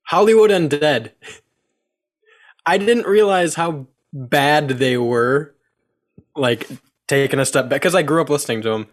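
A man's voice: fairly high pitch, measured pace, pauses often. Young man, casual self-mocking guest. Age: young adult. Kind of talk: casual chat.

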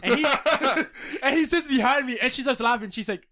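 A young man telling a story in casual chat, animated and profane, often laughing. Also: very high voice, normal speed.

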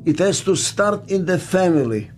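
A man's voice: high-pitched, lively intonation, moderate pace, darkish tone, soft background music. An older man giving a motivational talk as speaker and author, emphatic and fond of repeating his key phrases.

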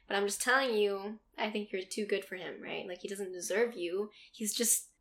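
A woman's voice: mid-range voice, fairly even intonation, normal speed, fairly bright tone. Young woman, casual storyteller, chatty and prone to laughter, mid-range voice. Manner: chatty, laughs often, trails off with ums. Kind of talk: casual chat.

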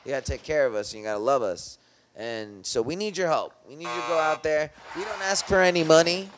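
A man's voice: fairly high pitch, fast. A young man co-hosting a podcast in loose, rambling casual chat, full of slang and swearing. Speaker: podcast co-host.

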